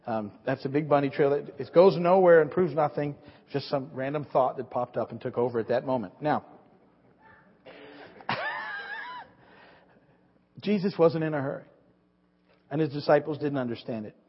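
Pausing often, a pastor with a slightly high, breathy voice delivers a wandering sermon at a moderate pace, restarting and repeating himself along the way. It's captured in a muffled lo-fi recording that rings with long hall reverb.

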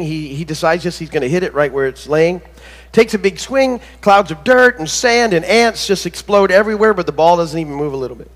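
High-voiced man preaching in an echoing hall. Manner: conversational, halting with many fillers and restarts; tells corny jokes between teaching. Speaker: pastor. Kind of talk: sermon. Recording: long reverb of a church hall.

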